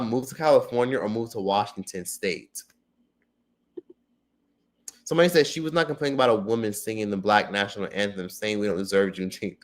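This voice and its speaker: A man runs a casual livestream, reading out comments from viewers. He's foul-mouthed and excitable, swinging from loud outbursts down to quiet muttering.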